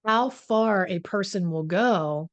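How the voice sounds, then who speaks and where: A middle-aged woman hosting a podcast, explaining in a chatty, animated way and acting out little inner voices. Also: medium pitch, slow pace, dry recording, dull audio. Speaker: host.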